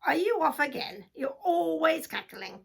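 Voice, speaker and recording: A woman's voice: high voice, sing-song, measured pace, gravelly, fairly bright tone, voice pushed up, heavily acted. A woman voicing a farm sheep who bleats and scolds the hen for cackling. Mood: scolding. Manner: bleating, accusing.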